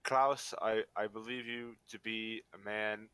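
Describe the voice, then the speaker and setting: A man's voice: lowish voice, steady tone, unhurried, a bit bright, clean tone, no echo. A man playing an awkward male adventurer in a tabletop game, stammering and unsure.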